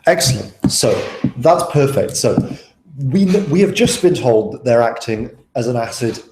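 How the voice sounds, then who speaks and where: A young man tutors students through an exam paper in an easygoing, chatty way, often turning questions back to them. His voice is mellow and of middle pitch. The sound is roomy and echoey. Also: lively intonation, moderate pace, slight background noise. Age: young adult. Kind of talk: live online tutoring session.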